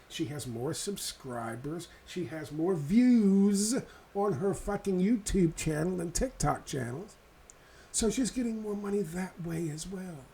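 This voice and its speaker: A man's voice: fairly high pitch, darkish tone, breathy edge. A man ranting sarcastically and profanely in a political video commentary.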